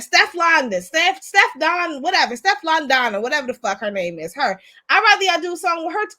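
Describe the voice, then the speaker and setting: A woman's voice: high voice, sharp tone. A woman of Jamaican background hosting a casual show, ranting bluntly with profanity and many restarts. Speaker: podcast host. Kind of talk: casual opinion rant.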